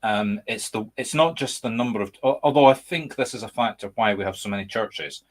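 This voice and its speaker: A man's voice: fairly low pitch, fairly quick. A Scottish man hosting a casual chat over a video call, speaking emphatically and candidly. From Scotland. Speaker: medium and podcast host.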